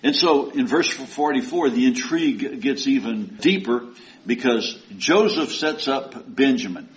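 A man's voice: medium pitch, expressive, a little slow. A man preaching a sermon and retelling a story in a folksy, conversational way. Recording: dull lo-fi recording.

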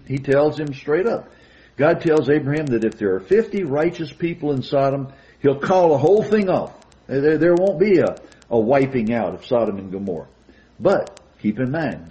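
Man preaching with a mellow voice. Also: medium pitch, dull audio. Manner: reads verses aloud, then explains them with emphatic, dramatic rises; repeats words and restarts phrases. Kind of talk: sermon with scripture reading.

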